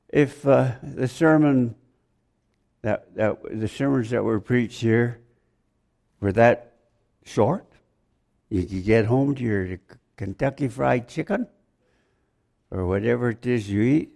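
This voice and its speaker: A man's voice: mid-range voice, slow pace, vocal fry, pauses often, a little mellow. A man preaching a sermon, rambling, joking with the congregation and asking them questions.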